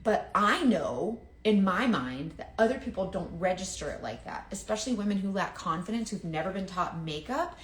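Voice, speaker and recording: A woman's voice: mid-range voice, moderate pace, few pauses. A woman selling makeup tells a casual, self-deprecating story, oversharing and acting out what others said, and she is sweating and overheated. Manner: chatty, self-deprecating, oversharing, quotes others in lively voices. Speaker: makeup seller. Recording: echoey room.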